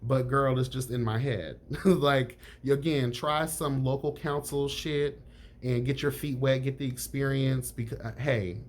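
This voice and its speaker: A man in the middle pitch range talks straight to camera in a sassy, candid chat, sprinkling honey and girl through his lines. His voice jumps higher whenever he stresses a point, then settles back down. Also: unhurried. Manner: lively pitch jumps on emphasis. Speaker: reality TV reviewer. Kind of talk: casual chat.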